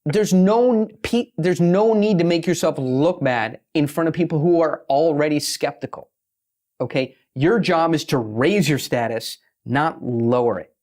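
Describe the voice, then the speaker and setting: Man, slightly high voice, podcast guest; brash, swears freely, races then slows down for emphasis. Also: darkish tone. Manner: brash, profane, fast bursts with emphatic slowdowns. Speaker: guest, pitching expert. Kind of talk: podcast interview talk.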